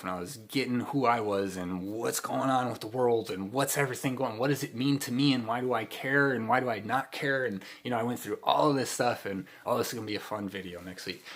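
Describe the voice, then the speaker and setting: A man's voice: mid-range voice, fairly bright tone. A man giving a casual spiritual talk, rambling with many fillers and restarts. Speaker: spiritual teacher.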